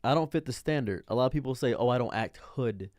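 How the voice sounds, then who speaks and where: A man's voice: mid-range voice, animated, fast talker, darkish tone, no echo, studio quality. A man in his thirties who talks off the cuff in a casual commentary monologue, rambling and repeating himself with a baffled, exasperated tone. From Detroit. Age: 30s. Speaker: streamer.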